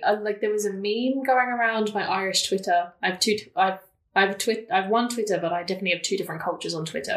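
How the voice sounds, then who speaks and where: A young woman guests on a podcast, telling stories in casual chat, laughing often and using lots of fillers. Her voice is medium-pitched and a bit bright, recorded with a roomy echo.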